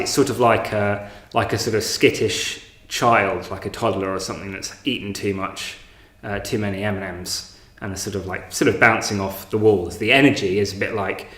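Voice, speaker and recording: Hesitant low-voiced man teaching meditation. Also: fairly bright tone, reverberant. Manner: hesitant, many fillers and restarts. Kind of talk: informal meditation talk. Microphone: online class, home recording.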